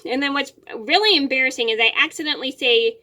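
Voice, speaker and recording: A woman's voice: sits high, fast, sharp tone. A young woman telling a home story to her camera from her bedroom, rambling and often repeating and restarting her words. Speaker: vlogger.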